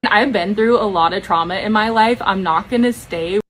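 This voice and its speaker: A woman's voice: mid-range voice, moderate pace, fairly bright tone, poor audio. A young woman talking to camera in a casual vlog, with a Valley-girl manner and lots of "like".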